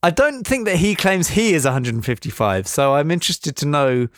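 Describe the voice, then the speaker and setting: A man co-hosting a casual podcast, explaining at length with small laughs. His pitch moves a lot as he talks. The sound is dry and close. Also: animated, brisk, a bit bright, dry recording. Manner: chatty, explaining, giggly. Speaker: podcast co-host.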